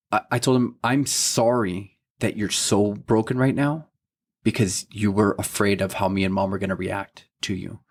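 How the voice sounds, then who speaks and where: Earnest man telling a family story. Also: fairly low pitch. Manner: storytelling, quoting himself and his kids, many "you know what I mean" tags; heartfelt, earnest parental tone. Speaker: podcast co-host. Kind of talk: casual chat.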